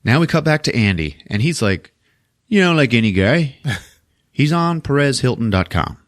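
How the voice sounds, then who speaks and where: A man hosting a podcast who recaps a horror film in a casual, animated way, laughing often and swearing. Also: medium pitch, normal speed, no echo, clean studio sound. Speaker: podcast host.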